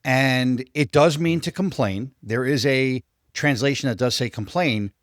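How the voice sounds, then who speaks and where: Man, co-host, scripture explanation, steady, dry room sound. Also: medium pitch, unhurried, no echo. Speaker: podcast co-host. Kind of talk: explaining scripture in casual discussion.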